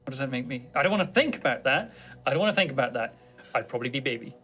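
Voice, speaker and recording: A man playing a tabletop game, chatting with animated laughter and frequent restarts. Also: medium pitch, very fast, faint music behind. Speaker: player. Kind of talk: casual chat at a tabletop game.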